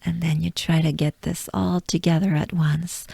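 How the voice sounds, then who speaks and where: French lady teacher drilling sounds over and over, low-ish mellow voice, super slow. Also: fairly even intonation, vocal fry, husky, no echo, studio quality. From France. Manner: slow, patient, repeats sounds for the listener to copy. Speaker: pronunciation teacher. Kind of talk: pronunciation lesson with repetition drills.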